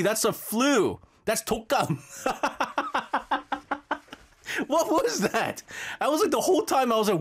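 A radio host in animated, casual chat, teasing a co-host and often breaking into laughter. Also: high-pitched, a little slow, pauses often, breathy edge.

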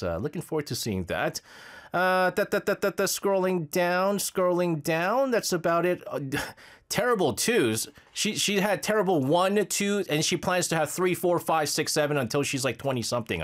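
A man hosting a live show, chatting casually and rambling between listener messages with frequent laughs. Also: on the high side. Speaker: radio show host reading listener messages.

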